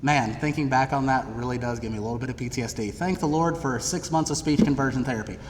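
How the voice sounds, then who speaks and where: A young man from Middle Tennessee telling funny stories about his own past to college students, in a lively, theatrical, self-deprecating way. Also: mid-range voice, fast talker. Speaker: speaker addressing college students. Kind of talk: humorous personal storytelling. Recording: long reverb of a large hall, faint background noise.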